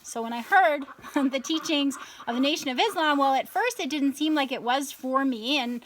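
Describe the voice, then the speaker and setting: Chatty woman farmer, higher voice. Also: moderate pace, fairly bright tone, a little hiss or hum. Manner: chatty, full of "like" and "right?", acts out her own past thoughts. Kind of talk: casual monologue to camera. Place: inside a hoop house on her farm.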